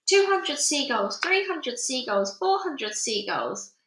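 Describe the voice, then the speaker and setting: A woman voicing a bold, quick-thinking young boy who gives urgent orders, in an echoey room. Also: high voice, big pitch swings, voice pushed up, full character voice. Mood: shouting. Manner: urgent commands, hushed then shouting.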